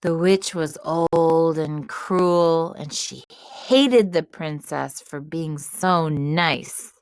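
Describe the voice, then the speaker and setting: Slow, storybook-clear woman narrator. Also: deep voice, no room sound, studio quality. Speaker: teacher narrator. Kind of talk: children's writing lesson narration.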